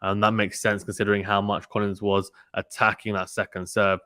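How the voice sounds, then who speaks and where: A man giving casual live play-by-play tennis commentary and reading out viewer chat, in a brisk, chatty manner with frequent ums and restarts. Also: fairly low pitch, little pitch movement, pushed and bright, no room sound, studio quality.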